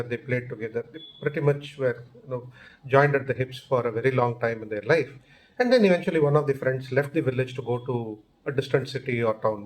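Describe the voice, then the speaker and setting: A man hosting his channel, casually telling a story with lots of fillers and restarts. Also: medium pitch. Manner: easygoing, unhurried, with many fillers and restarts. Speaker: storyteller host.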